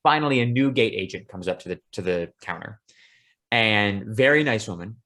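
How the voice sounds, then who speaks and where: A man co-hosting a podcast, telling a travel story in casual, profane chat with animated asides. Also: lowish voice, moderate pace. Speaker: podcast co-host.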